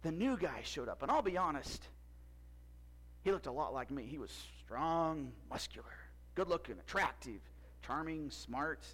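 Guy doing a jokey bible story skit in character, highish bright voice. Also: lively intonation, measured pace, poor audio. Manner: playful, jokey, asks audience questions. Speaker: costumed storyteller in church skit. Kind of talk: first-person biblical character monologue.

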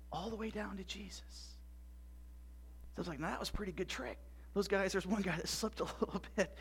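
A man's voice: sits high, a bit bright. A man performing a dramatic church monologue as an eager young boy from biblical times, retelling a story with stammered restarts. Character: excitable little Jewish boy in Jesus' time.

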